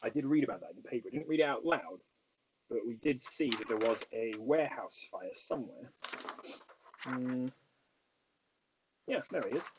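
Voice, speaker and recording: A man hosting a solo detective board game play-through, reading the case aloud and thinking out loud with stammering restarts. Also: mid-range voice, lively intonation, normal speed, long pauses, slight background noise, low-quality recording.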